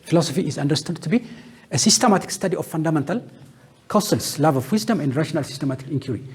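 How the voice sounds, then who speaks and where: A man lectures to a class, setting out ideas as lists of single words with pauses between them. His voice sits a little high and has a husky edge. He often asks a question and answers it himself. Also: animated. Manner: lists terms one by one with pauses.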